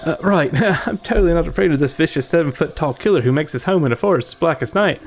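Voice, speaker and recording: A man's voice: on the high side, lively intonation, quick pace, slight background noise, pitched above the performer's own voice. A man voicing a jittery young huntsman, stammering. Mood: nervous. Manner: stammering, jumpy. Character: jittery young male huntsman, nervous and eager.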